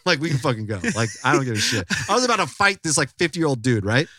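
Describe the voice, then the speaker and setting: Guy hosting a podcast, swearing a lot, rambling and animated, dry close sound. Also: mid-range voice, very fast, hardly any pauses, no echo. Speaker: podcast host. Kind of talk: casual storytelling chat.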